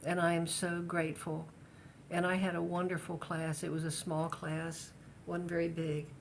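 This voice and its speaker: Hesitant older woman, low voice. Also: flat delivery, normal speed, creaky, a little hiss or hum. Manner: hesitant, many restarts and fillers. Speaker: interviewee. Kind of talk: casual family interview.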